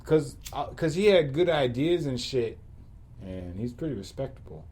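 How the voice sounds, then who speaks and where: A man's voice: mid-range voice, normal speed, slightly rough. A man hosting a podcast, telling stories in a casual, profane, slangy rant that loops back on itself. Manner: animated, profane, slangy, rambling with repeats. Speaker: podcast host.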